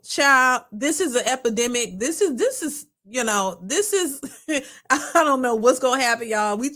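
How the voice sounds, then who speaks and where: A woman hosting a reaction video, giving casual commentary in a colloquial, animated way and often repeating herself. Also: fairly high pitch.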